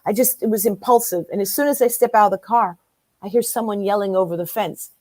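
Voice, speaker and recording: Interview guest, woman in her fifties, mid-range voice, lively teller who plays every part in her story, dry recording. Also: mid-range voice, fast talker, dry recording. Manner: animated storyteller who acts out quoted dialogue.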